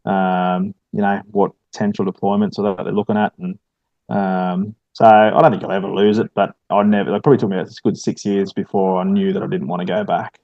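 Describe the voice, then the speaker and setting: Here a middle-aged man from Australia who fights fires and once served in the army keeps the podcast chat easygoing, loaded with fillers and repeated "mate". His deep, slightly mellow voice barely moves in pitch and runs a little fast, with no echo and dull audio.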